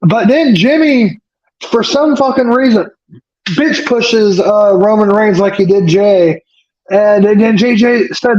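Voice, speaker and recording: In loose, casual chat, a high-voiced man recaps a wrestling episode, rambling, swearing freely and leaning heavily on fillers. He talks slowly with a darkish tone. He co-hosts a wrestling podcast, and the recording sounds dull and lo-fi.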